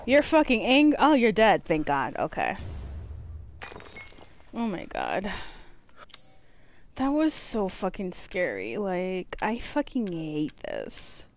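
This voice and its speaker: Swearing woman gamer with a lively voice. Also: medium pitch, slow, pauses often, a little hiss or hum. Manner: profane, panicky, swings from screaming to muttering. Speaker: gamer playing a horror game. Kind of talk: let's play commentary.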